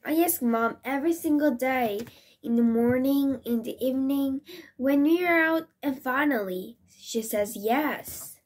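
A young woman reading a children's picture book aloud, expressive and with small slips that she corrects as she goes. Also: high voice, measured pace. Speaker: storybook reader.

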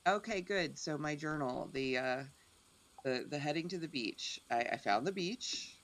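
A woman gives casual, excitable commentary while she plays a game. She is chatty and quick to poke fun at herself. Her voice has a gravelly edge, and her pitch swings widely. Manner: chatty, self-deprecating, excitable. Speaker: streamer.

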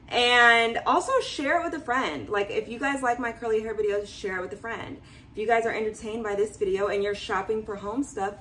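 A young woman talking casually to camera in her home as a vlogger, chatty and animated. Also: fairly high pitch, moderate pace, far from the mic, a little hiss or hum. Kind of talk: casual vlog chat to camera.

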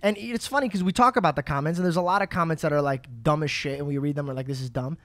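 A passionate man co-hosting a podcast in casual chat, cursing freely and stumbling over his words when worked up. His voice sits a little high and the sound is dry and close. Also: racing, a bit bright, no room sound. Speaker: podcast co-host.

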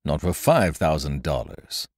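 A man's voice: a bass voice, very animated, a little slow, slightly rough, dry recording, studio quality, voice pushed down, full character voice. A man voicing a severe middle-aged surgeon who speaks bluntly and emphatically. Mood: stern.

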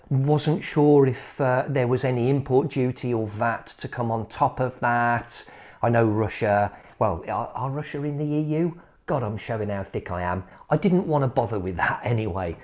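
Slow, chatty man reviewing watches. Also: medium pitch, darkish tone. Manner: rambling, self-deprecating, chuckles at himself. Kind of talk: casual chat.

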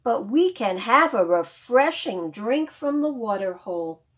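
A woman voicing a herd of storybook zebras, highish, unhurried. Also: big pitch swings, a bit bright. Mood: pleased.

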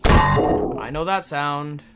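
A woman's voice: low voice, huge pitch swings, drawn-out words, vocal fry, soft background music, low-quality recording. A young adult woman giving let's play commentary, frustrated and exclaiming often. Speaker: gaming video host.

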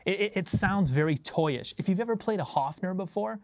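A man hosting a bass-playing livestream from a recording studio, talking casually with viewers in a laid-back, rambling way and chuckling often. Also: expressive, brisk, a little mellow, dry recording.

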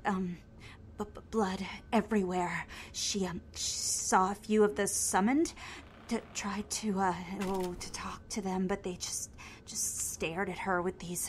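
A woman's voice: on the low side, a little hiss or hum. An actress voicing a terrified, timid young female cult member in a video game, stammering in half-whispers. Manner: halting, frightened speech full of restarts.

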